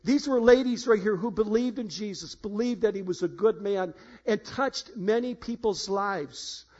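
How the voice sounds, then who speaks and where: A middle-aged man preaching a sermon as pastor, halting and repeating words, then building to emphatic peaks. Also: high voice, a little mellow. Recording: muffled lo-fi sound.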